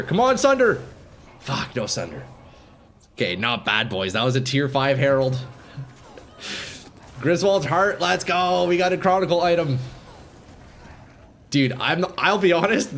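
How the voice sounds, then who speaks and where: A man streaming live gameplay, commenting casually to his viewers and swinging from calm explanation to excited shouting. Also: medium pitch, a little hiss or hum. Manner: casual, profane, addresses chat as boys.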